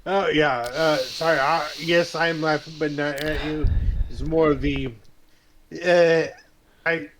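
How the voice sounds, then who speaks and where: A man chatting on a game stream, hesitant and halting, with many pauses. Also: a little high, steady tone, a crowd in the background. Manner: hesitant, lots of uh and restarts. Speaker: stream guest. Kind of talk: casual chat while gaming.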